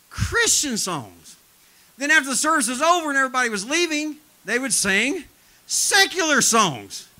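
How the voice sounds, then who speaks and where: A man preaching a live sermon in a church, telling stories in a folksy way, swinging from loud emphatic shouts to low, intense tones and laughing at his own stories. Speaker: traveling preacher. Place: church sanctuary.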